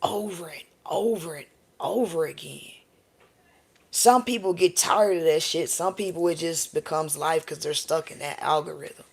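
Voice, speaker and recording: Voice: mid-range voice, moderate pace, creaky, slightly rough. A tarot reader doing a live-stream reading, talking in a casual, profane and rambling way and often checking in with viewers by asking "okay?" and "all right?".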